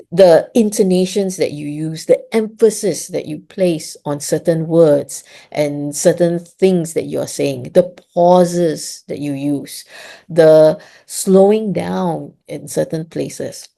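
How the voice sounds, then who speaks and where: A woman's voice: low voice, gravelly, mellow. A woman presenting a webinar on supporting children, explaining step by step and often checking in with "okay?". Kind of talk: webinar talk.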